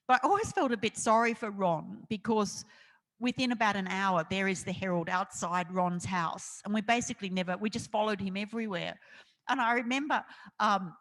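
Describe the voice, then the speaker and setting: A middle-aged Australian woman, an investigative journalist, telling lively stories with frequent laughter in an on-stage interview. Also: mid-range voice. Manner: animated anecdotal storytelling with frequent laughter. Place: festival event hall. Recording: long hall reverb.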